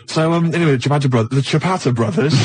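Fast-talking man telling a rambling story. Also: fairly high pitch, wildly swooping pitch, heavy background noise. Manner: rambling, repeats himself, keeps asking "right?". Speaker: guest storyteller. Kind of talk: casual comic anecdote.

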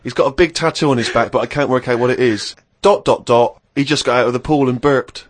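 A man reading a diary aloud in casual chat, dry and deadpan, chuckling now and then. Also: mid-range voice, quick pace.

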